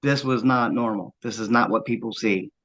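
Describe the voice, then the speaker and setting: A man earnestly recounting a first-hand encounter, halting often with fillers as he tells it. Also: medium pitch, lo-fi sound, background noise. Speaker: eyewitness interviewee.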